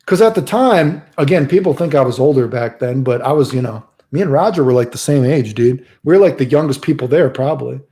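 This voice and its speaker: A man telling a rambling story on a live stream in a casual, animated way, swearing constantly and saying "dude" a lot. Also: medium pitch, brisk, hardly any pauses. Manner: loose rambling delivery with restarts and "dude". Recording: roomy echo.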